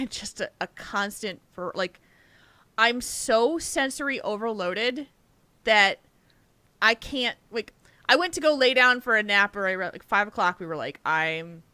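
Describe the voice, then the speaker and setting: Woman, podcast co-host, bright voice, tired, rambling casual chat, dry close sound. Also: medium pitch, no echo. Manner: rambling, restarts sentences, laughs often.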